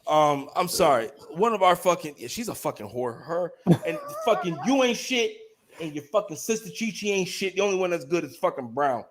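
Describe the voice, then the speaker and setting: A man co-hosting a podcast in casual chat, telling stories loudly and swearing a lot. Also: fairly high pitch, fairly quick, slight background noise. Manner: loud, animated storytelling, swears a lot. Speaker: podcast co-host.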